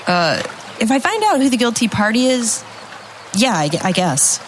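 A woman's voice: a little high, big pitch swings, normal speed, slight background noise. A woman with a Midwestern accent voicing a frustrated police constable in a comedy sketch. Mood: exasperated. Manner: pleading and exasperated.

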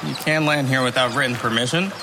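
A man's voice: mid-range voice, fast, very noisy, lightly acted. A man voicing a rude, dismissive island local with a slight rural accent in a comedy sketch. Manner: blunt and dismissive.

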